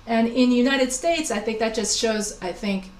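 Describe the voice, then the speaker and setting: A woman's voice: fairly high pitch, normal speed, echoey room, crowd noise, poor audio. A woman teaching a business communication class, talking in a chatty, anecdotal way with many restarts and asides. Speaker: instructor. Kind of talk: recorded class lecture.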